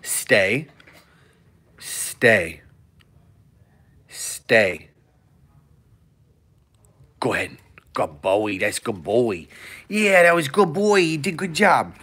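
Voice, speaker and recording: A livestream host voicing their male pet dog, speaking in a slow, deep, self-satisfied tone. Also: expressive, a bit bright, slightly rough, exaggerated voice. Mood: proud. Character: good-natured male pet dog, proud.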